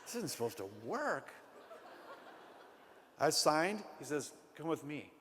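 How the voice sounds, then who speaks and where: A man with a fairly high voice preaches through a story in a big hall, and long reverb trails each line. He tells it with lively drama, then sinks to near-whispers for the tender parts. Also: slow, a little hiss or hum. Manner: animated storyteller, drops to a hushed voice for tender moments. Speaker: speaker. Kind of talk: storytelling sermon.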